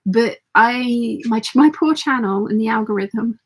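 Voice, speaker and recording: A woman hosting a casual sewing livestream, chatty and reading viewer comments aloud, her voice slightly croaky. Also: on the high side, measured pace. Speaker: sewing channel host.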